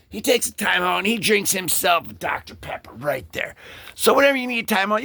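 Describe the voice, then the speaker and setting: A man hosting a casual comic book read-through, joking and rambling as he voices the characters in quick asides. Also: high-pitched, vocal fry, pushed and bright, breathy edge, no echo. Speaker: comic book channel host.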